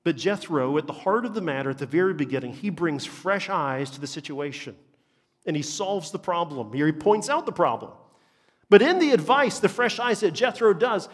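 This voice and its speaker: A man's voice: high voice, animated, a little fast, slightly rough. A man, preaching a sermon as a pastor in an earnest, emphatic way and repeating phrases for stress. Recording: long reverb of a large hall.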